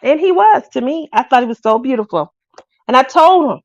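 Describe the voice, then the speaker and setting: A chatty woman host talks to her craft viewers in a casual, laughing way. Her voice sits a little high with a gravelly edge. The sound is dry and close. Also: brisk, dry recording, dull audio. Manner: chatty, laughs often, lively asides.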